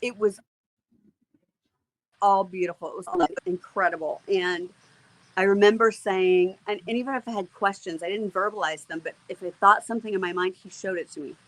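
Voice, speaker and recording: A woman's voice: mid-range voice, normal speed, no echo, poor audio. A middle-aged woman, an interview guest, telling a personal faith testimony in an earnest, emotional way, with many fillers and restarts.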